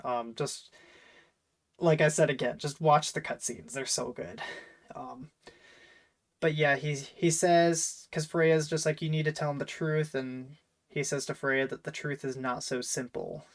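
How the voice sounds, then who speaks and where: A man's voice: mid-range voice, steady tone, unhurried, poor audio. A man hosting a casual chat, rambling and enthusiastic, full of fillers and restarts. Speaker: host.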